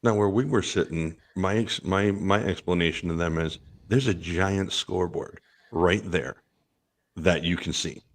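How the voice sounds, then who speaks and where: Gruff, very deep, gravelly co-host. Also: male voice, fairly even intonation, a little slow. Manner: gruff, crude, bossy. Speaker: podcast co-host. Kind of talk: casual comedy podcast chat.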